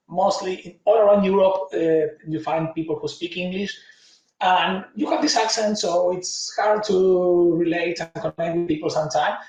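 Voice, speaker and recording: A man's voice: high voice, darkish tone. A man in his forties from Latin America, giving an earnest conference talk full of personal stories. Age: 40s. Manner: earnest, anecdotal, non-native phrasing. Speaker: conference speaker. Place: conference room. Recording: echoey room, distant mic.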